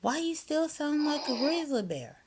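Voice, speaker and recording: Woman, casual vlog commentary, incredulous, chatty, lively up-and-down delivery, noisy phone recording. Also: high voice, moderate pace. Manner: incredulous, chatty, drops to a hush at times. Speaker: vlogger.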